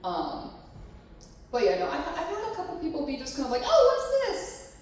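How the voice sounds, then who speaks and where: A woman with a high, sing-song, darkish voice speaks briskly on a convention panel with a live audience, frank and casual, with occasional swearing and lots of "like, you know." A distant mic captures room echo and slight background noise.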